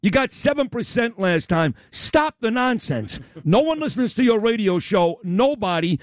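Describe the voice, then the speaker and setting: A man hosting a talk radio show, ranting loudly and bluntly with profanity in a combative opinion segment. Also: high voice, very animated, normal speed, hardly any pauses, dry recording, studio quality.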